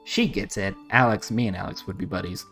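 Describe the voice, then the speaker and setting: A streamer casually commenting on a game while reading its text aloud, blunt and quick to swear and laugh. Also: low voice, breathy edge, soft background music. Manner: blunt, swears, laughs, reacts loudly to choices.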